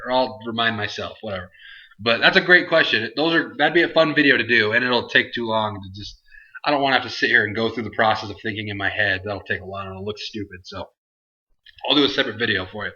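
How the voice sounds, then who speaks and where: A man's voice: fairly low pitch, fast talker, sharp tone, highs cut off. A man hosting a casual Q&A vlog, answering viewer questions in a rambling, self-interrupting way. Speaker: host.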